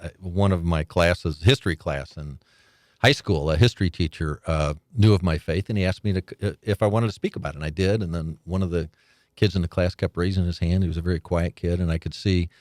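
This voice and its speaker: Older male guest, deep voice, animated storyteller, dry close recording. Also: brisk, dry recording. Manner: animated storyteller, laughs often, acts out quoted voices. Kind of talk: storytelling interview.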